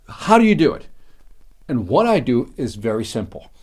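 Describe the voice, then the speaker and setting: A middle-aged man teaching a sales seminar, excitable and emphatic, speaking straight to his listeners. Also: medium pitch, moderate pace. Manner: animated, excitable, emphatic, talks to the listener directly. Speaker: sales trainer.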